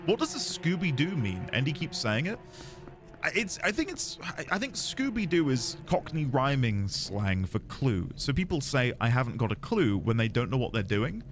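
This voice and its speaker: A man's voice: medium pitch, wildly swooping pitch, moderate pace, soft background music. A man with a British accent chatting casually while streaming a game, rambling through explanations and amused at himself. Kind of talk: casual gameplay chat.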